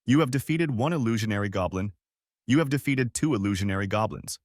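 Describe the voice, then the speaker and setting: A man voicing a game's system announcer, listing notices in an even announcer delivery, recorded dry and close. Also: fairly low pitch, quick pace, no room sound. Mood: announcing. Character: flat game system announcer, neutral machine.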